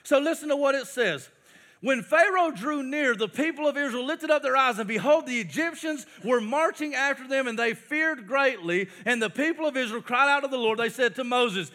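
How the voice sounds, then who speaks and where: An animated pastor reads scripture and then retells it, stopping to coach his listeners to act along. His voice is very high for a man and bright in tone. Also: moderate pace. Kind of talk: sermon with Bible story acted out with children.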